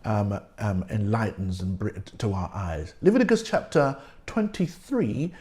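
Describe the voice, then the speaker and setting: A man's voice: fairly low pitch, very animated, darkish tone. A male pastor preaching a sermon and reading scripture aloud, repeating key words for emphasis. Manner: reads scripture aloud slowly.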